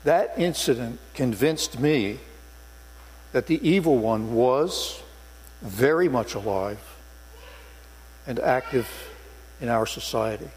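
A man's voice: mid-range voice, animated, takes it slowly, pauses often, darkish tone. An older man, a former police sergeant, preaching a sermon in a church sanctuary with earnest storytelling and emphatic stresses. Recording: long hall reverb with mains hum.

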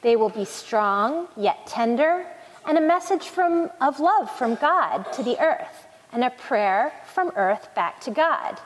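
A woman puts on a wise, gentle old turtle for a storybook reading. The voice sits high and swings widely, each line slow and earnest. A long reverb trails behind it. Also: expressive, heavily acted. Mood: solemn.

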